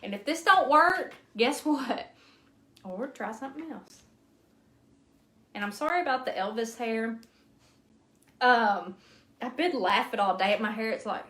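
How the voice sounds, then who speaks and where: A woman's voice: on the high side, a little slow, pauses often, a bit bright. Chatty woman in an echoey room. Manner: chatty, self-deprecating, laughs often. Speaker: crafting livestream host. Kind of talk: casual live craft demo. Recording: echoey room with faint noise.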